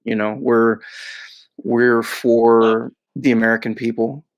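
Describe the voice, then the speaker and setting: A man speaking as a podcast guest in casual chat, measured and hedging, with repeated filler words. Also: mid-range voice, level tone, dull audio.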